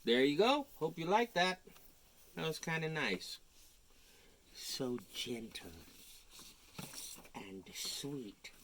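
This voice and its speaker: A man reading a picture book aloud to young children in a gentle, chatty way, with playful ad-libbed asides. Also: a little high, very animated, takes it slowly, long pauses, a little hiss or hum. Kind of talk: storybook read-aloud for children.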